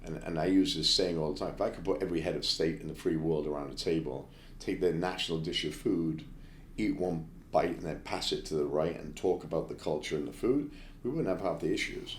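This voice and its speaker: A man, a guest chef, telling brisk anecdotes with blunt asides in an interview. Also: sits low, echoey room, a little hiss or hum. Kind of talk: storytelling interview.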